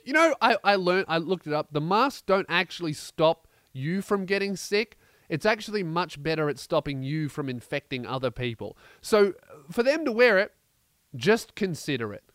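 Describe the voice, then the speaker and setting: A man tells a comedic story on his podcast, brash and profane, with lots of mocking asides. His voice is fairly high and smooth. It is recorded close and dry, with no room sound. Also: a bit bright, dry recording. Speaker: podcast host.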